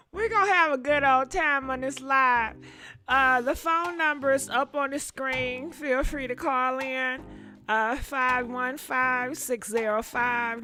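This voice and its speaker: A woman hosting a live gossip show, exclaiming and talking straight to her viewers. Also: high-pitched. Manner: animated, exclamatory, talks to chat directly.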